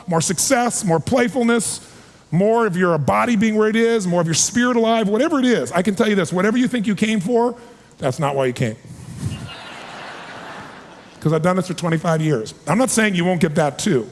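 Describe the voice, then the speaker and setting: A man in his forties giving an energetic, emphatic seminar talk to a live audience, calling for responses. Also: high-pitched, brisk. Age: 40s. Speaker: motivational speaker. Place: large hall with a live audience. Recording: long hall reverb.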